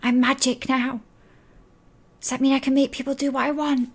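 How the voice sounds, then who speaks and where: A woman's voice: high-pitched, little pitch movement, normal speed, husky, pitched above the performer's own voice. A woman voicing an eager young girl who is thrilled to be doing magic. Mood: excited. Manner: eager, squealing, chatty.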